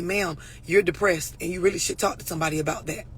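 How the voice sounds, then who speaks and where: A woman's voice: fairly low pitch, steady tone, fast, slight background noise. A woman relationship coach talking straight to her viewers, blunt, profane and preachy. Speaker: relationship and mental health coach. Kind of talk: unscripted talk to camera.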